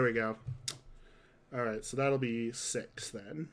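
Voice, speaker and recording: Male streamer, unhurried chatty commentary, mid-pitched voice. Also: fairly bright tone. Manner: chatty, says "dude" often, reacts to chat. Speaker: game streamer. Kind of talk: casual livestream commentary.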